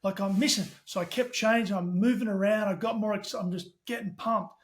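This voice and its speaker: A middle-aged Australian man, a podcast guest, telling animated stories in casual chat with the odd swear word. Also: sits high. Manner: animated storyteller, talks fast with casual swearing. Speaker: podcast guest, tech company CEO.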